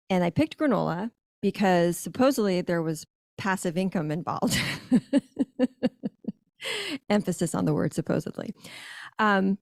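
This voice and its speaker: A woman's voice: on the low side, no echo, clean studio sound. A woman on a podcast telling her business story in an emphatic, conversational way, with frequent self-corrections. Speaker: guest, granola business owner.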